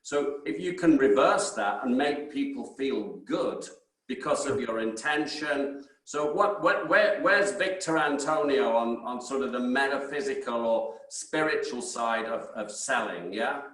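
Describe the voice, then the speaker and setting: A man's voice: mid-range voice, unhurried, a bit bright. A man hosting an interview, talking in a loose, chatty way and checking in with a questioning "yeah?". He sits some distance from the mic, and the room around him rings with echo. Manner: chatty, frequent tag "yeah?". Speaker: podcast host. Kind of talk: interview conversation.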